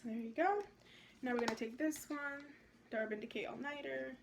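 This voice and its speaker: A young woman vlogging at home, chatting excitedly and rambling through a makeup tutorial with lots of likes and ums. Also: a little high, a little fast, gravelly, noisy background.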